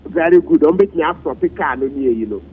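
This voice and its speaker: A man with a Ghanaian accent, speaking as a commentator in a heated radio talk discussion, switching between languages with wide swings in pitch. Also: lively intonation, fast, husky. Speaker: political commentator. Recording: lo-fi radio broadcast.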